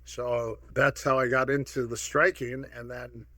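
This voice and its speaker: A man in his sixties, from Minnesota, telling lively stories as a podcast guest and acting out the dialogue in them. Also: mid-range voice, a little slow, no room sound. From Minnesota, USA. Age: 60s. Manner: lively anecdotal, acts out quoted dialogue. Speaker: guest, martial arts pioneer. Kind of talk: casual storytelling.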